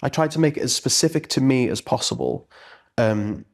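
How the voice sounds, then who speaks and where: A man's voice: medium pitch, expressive, moderate pace. A man from Merseyside, an actor answering in a casual interview, earnest and reflective with frequent restarts. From Merseyside, England. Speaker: stage actor, interview guest.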